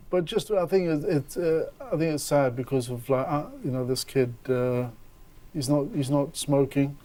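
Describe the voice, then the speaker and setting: A man's voice: medium pitch, a little slow, warm tone. A man who is a hospital inpatient, talking in a hesitant, reflective way and dictating an email aloud with restarts. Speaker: hospital inpatient looking for volunteer work. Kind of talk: casual talk and dictation.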